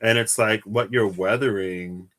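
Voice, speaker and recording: A young man with a slightly low voice talks his way through a tarot reading. He sounds tired and muses aloud, drifting between thoughts and sighing between them. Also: fairly even intonation, unhurried, fairly bright tone. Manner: musing, chatty, drifts into laughs and sighs. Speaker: tarot reader. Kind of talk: casual solo tarot livestream.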